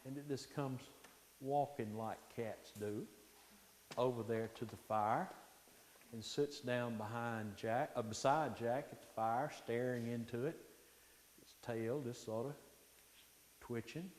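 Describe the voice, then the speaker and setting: A man telling a folktale aloud with animated, dramatic pacing, dropping into hushed tones for suspense. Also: mid-range voice, slow pace, pauses often, reverberant, long reverb tail, slight background noise. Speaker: storyteller.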